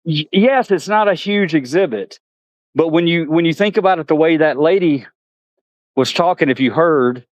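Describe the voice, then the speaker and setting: A man with a fairly high voice vlogs outdoors at a zoo, chatting casually with viewers and talking to the animals, laughing often. The recording has no room sound.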